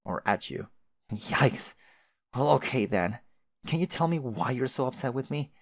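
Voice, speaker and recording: A man's voice: medium pitch, expressive, measured pace, no echo. A man voicing a chatty, oblivious young male adventurer who rambles with old-fashioned folksy exclamations. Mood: confused.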